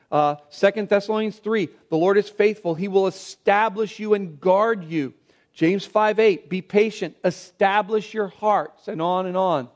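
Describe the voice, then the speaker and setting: A man preaching a sermon, reading scripture aloud and stressing key words with shifting pace and loudness. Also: high voice. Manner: emphatic preaching with pauses, varied pace and loudness. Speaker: pastor.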